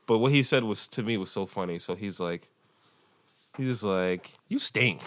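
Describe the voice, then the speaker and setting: A man in his thirties, a podcast host, telling animated stories in casual chat and laughing often. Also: on the low side, normal speed, dry recording.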